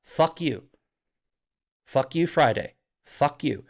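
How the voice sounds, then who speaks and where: A man hosting a political monologue on a live stream, mocking his critics, swearing and shouting at points. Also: a little high, expressive, slow. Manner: angry, profane, shouting bursts. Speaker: host.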